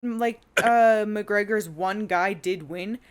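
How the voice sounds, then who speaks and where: A woman's voice: mid-range voice, takes it slowly, a crowd in the background. A young woman co-hosting a combat sports podcast, laid-back and laughing between her points. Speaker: podcast co-host. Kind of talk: casual combat sports chat.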